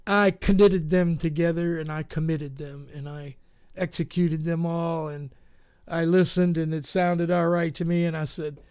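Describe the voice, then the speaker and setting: A man's voice: a little high, level tone, unhurried, darkish tone, clean tone. A man hosting a live internet radio show, chatting casually and rambling with lots of fillers and self-mocking asides.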